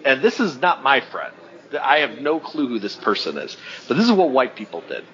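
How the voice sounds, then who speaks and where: A man's voice: mid-range voice, huge pitch swings, normal speed, fairly bright tone. A man co-hosting a podcast, telling a story in casual chat and laughing along the way. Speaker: podcast co-host. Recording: dull lo-fi audio.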